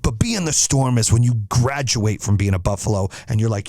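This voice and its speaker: Male podcast host, emphatic motivational speaker, low voice. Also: expressive, brisk, hardly any pauses, warm tone, no echo, studio quality. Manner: emphatic, repetitive exhortation. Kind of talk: motivational speech.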